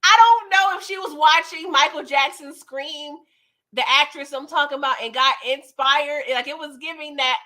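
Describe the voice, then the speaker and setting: A young adult woman hosting a casual live stream, animated and often laughing as she chats with viewers. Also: sits high, fairly quick. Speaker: livestream host reviewing a TV episode.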